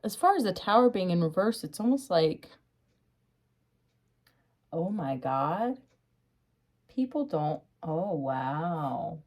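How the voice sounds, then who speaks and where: Excitable woman reading tarot, laughing and swearing. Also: fairly low pitch, gravelly, slightly rough. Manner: calls the listener honey. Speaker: tarot reader.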